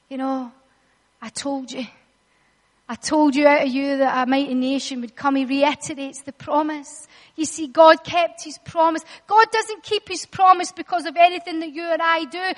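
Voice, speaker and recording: A woman preaching a sermon, telling the story dramatically and acting out the voices, rising at times to shouts. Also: extremely high pitch. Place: church hall. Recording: long reverb of a large hall.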